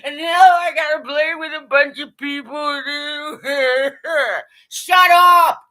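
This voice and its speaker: Woman doing a whimpering pro player bemoaning his lot; high, bright, mock-sobbing and sing-song. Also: level tone, takes it slowly. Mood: whining. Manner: mock-crying, sing-song self-pity. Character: whiny sniveling male pro hockey player.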